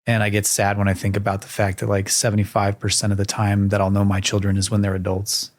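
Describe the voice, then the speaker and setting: A man's voice: lowish voice, completely flat delivery, quick pace, dry recording, clean studio sound. A man speaking as a podcast guest, thoughtful and reflective about parenting. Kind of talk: casual podcast conversation.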